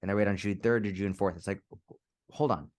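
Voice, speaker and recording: A man's voice: on the low side, fairly even intonation, darkish tone. A man being interviewed as a fitness coach, speaking casually and candidly, swearing now and then and acting out little scenarios. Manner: candid, swears, quick restarts, acts out scenarios. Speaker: fitness coach, podcast guest.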